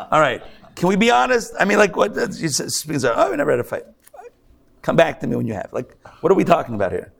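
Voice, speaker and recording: A man who is a rabbi, giving a lively live sermon to a congregation, joking and acting out mock quotes in between his points. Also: fairly high pitch, brisk, creaky, long pauses. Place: synagogue hall.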